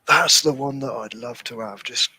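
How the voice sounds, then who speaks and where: A man chatting on a live stream with friends, excitable and quick to laugh and exclaim. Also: medium pitch, slightly rough, no echo. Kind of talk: casual stream chat.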